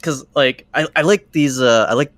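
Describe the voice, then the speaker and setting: A man's voice: medium pitch, normal speed, a bit bright, dry recording. A man co-hosting a laid-back podcast chat. He talks hesitantly and often restarts on repeated words. His voice sounds close and dry, with no room around it. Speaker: podcast co-host. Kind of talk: casual chat.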